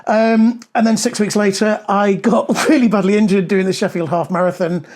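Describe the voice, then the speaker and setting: A man's voice: high voice, fairly even intonation, moderate pace, darkish tone. A middle-aged man chatting on a podcast, telling stories at length with many ums, on a clip-on mic. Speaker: podcast co-host. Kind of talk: casual podcast chat. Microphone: clip-on mic with clothing rustle.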